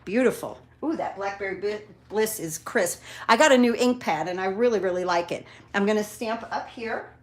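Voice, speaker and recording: A chatty woman walks viewers through a card-making project at her craft table. She talks in a relaxed, encouraging way, dropping in fillers as she goes. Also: medium pitch, normal speed, few pauses. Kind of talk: casual craft tutorial.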